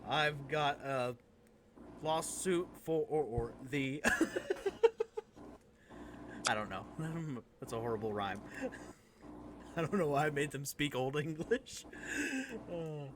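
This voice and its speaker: A man's voice: fairly high pitch, sharp tone, a little hiss or hum. A man hosting a casual chat podcast, joking and laughing often. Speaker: podcast host.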